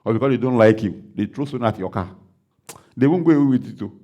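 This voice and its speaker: A Nigerian man, a pastor, preaching a sermon and acting out the dialogue of a story he tells, breaking into loud declarations. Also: medium pitch, animated, fairly quick.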